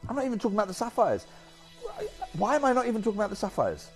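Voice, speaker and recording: Brief: energetic male shopping-channel host, slightly high voice, faint music behind. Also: very fast. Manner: energetic, chatty, off-script asides. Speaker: TV shopping presenter. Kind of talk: live shopping channel selling.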